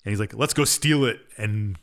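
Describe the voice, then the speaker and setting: A man with a somewhat low voice chats casually as a podcast co-host. He retells a game's story in a loose, rambling way and waves off the boring parts. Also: normal speed, fairly bright tone. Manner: rambling retelling, offhand and dismissive. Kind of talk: casual game recap chat.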